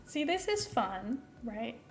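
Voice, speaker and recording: A woman's voice: on the high side, big pitch swings, slow, faint music behind. A young woman with an international-school American accent, chatting casually and giggling as she streams a game and answers her chat. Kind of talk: casual chat while playing a game live.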